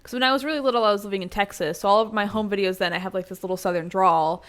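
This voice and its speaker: A woman comedian in casual podcast chat, talking in a lively, chatty way full of "like.". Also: medium pitch, very fast.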